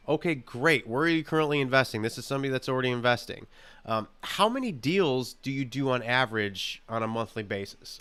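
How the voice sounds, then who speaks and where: A man's voice: medium pitch, a bit bright, clean tone. A man teaching a phone call script in a casual, instructive way, reading lines aloud with many fillers. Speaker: real estate investing trainer. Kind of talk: walking through a call script.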